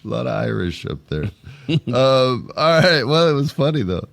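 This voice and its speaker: A man's voice: medium pitch, sing-song, moderate pace, gravelly, dry recording. A man hosting a wrestling podcast, joking around and laughing easily in casual banter. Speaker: podcast host. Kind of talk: casual chat.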